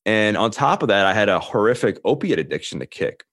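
A man's voice: lowish voice, very animated, fairly quick, a bit bright, dry recording, clean studio sound. A man in his thirties, a podcast guest, telling his own story earnestly and quoting the people in it. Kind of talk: candid storytelling.

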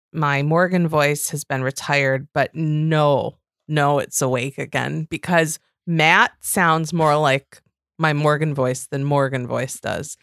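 Woman co-host, casual podcast chat, animated and giggly, cusses, a little low, dry close sound. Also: vocal fry, dry recording. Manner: animated, giggly, swears freely. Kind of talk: casual chat about reality TV.

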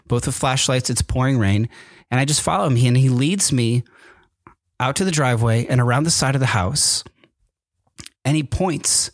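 A podcast host with a medium-pitched voice rambles through a personal story in a casual way, with many fillers and restarts. He's recorded on a microphone with camera, giving clean studio sound with no echo.

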